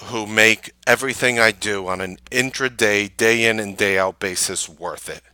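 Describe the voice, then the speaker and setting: A man host recapping a trading day and pitching his course, emphatic and full of rhetorical questions. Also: steady tone, normal speed, sharp tone, no echo.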